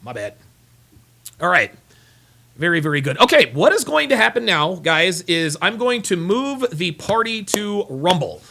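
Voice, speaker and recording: A man's voice: sits high, sing-song, normal speed, vocal fry, pushed and bright. A man hosting a casual livestream, reading out viewer messages in a rambling, repetitive way, tired and yawning. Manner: rambling, repeats himself, talks while fumbling for files. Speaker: livestream host reading super chats.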